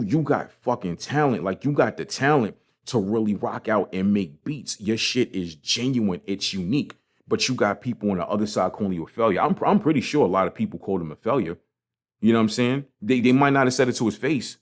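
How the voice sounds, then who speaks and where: Guy doing a motivational podcast rant, kinda low voice, swears a lot, stumbles and repeats. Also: expressive, a little fast. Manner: passionate, profane, repeats himself. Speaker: podcast host. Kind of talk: casual motivational monologue.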